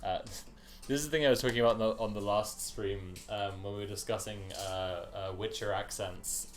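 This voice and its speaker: A man's voice: on the low side, fairly even intonation, normal speed. Chatty man rambling on stream. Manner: rambling, laughs often, filler-heavy. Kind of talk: casual game-stream chat.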